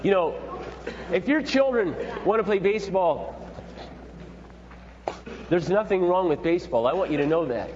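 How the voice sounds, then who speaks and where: A middle-aged man leading a parenting seminar, talking in a rambling, folksy, animated way to a group. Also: sits high, moderate pace, pauses often. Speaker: seminar leader. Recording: dull echoey hall with faint hum.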